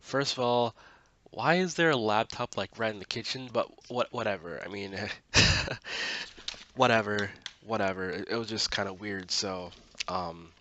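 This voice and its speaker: Bright-voiced man rambling through a recap. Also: on the low side, moderate pace, lo-fi sound. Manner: rambling, heavy use of 'like' and 'um', self-corrections. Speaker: TV episode recap vlogger. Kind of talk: casual spoken recap.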